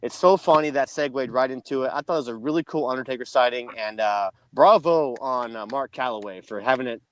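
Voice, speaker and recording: He's a podcast co-host whose mid-range voice moves a little fast, telling an extended story in a loose, rambling style with lots of restarts.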